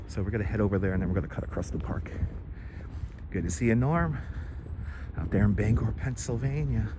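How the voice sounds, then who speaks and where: A middle-aged man with a medium-pitched voice chats casually on a live stream while biking through a city park, reading out viewers' messages and thanking them. He's wearing a wireless lapel mic, and there's background noise.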